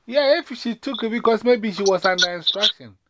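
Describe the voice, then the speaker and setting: A man in a casual conversation with a friend, asking questions and quickly taking sides. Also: high voice, noisy background. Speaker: friend in a phone chat.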